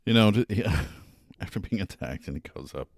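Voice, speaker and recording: A man's voice: deep voice, expressive, normal speed, no echo, clean studio sound. A male podcast host giving earnest, casual commentary with fillers and some laughs.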